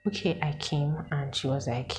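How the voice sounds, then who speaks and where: A Nigerian woman in her twenties, telling a story to her viewers in an animated, exasperated way and asking them questions. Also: sits low, normal speed, a crowd in the background, low-quality recording. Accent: Nigerian English with Pidgin words. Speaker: vlogger. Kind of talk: casual storytelling to camera.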